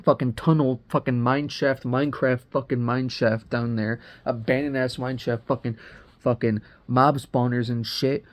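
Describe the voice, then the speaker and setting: Young male reviewer, mid-pitched voice, rambling and profane slangy recap. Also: fairly even intonation, moderate pace. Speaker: movie reviewer. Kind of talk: casual spoiler recap.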